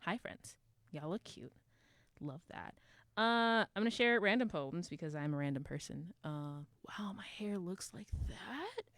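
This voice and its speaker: A woman's voice: on the low side, sing-song, measured pace, fairly bright tone, no room sound. A woman sharing poems at a live open mic with playful, self-deprecating banter, speaking into a stage mic. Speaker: poet and co-director of the group. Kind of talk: casual stage banter and poetry.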